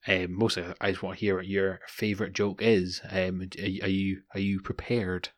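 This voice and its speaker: Deep-voiced, wry man telling jokes. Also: flat delivery, normal speed. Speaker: podcast co-host. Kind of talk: casual podcast chat, telling jokes.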